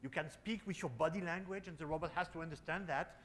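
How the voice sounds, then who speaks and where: A man with a strong French accent speaks on a panel, searching for English words and repeating himself as he goes. His voice sits a little high for a man. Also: fast talker, fairly bright tone. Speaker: robotics company founder on a panel. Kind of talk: panel talk.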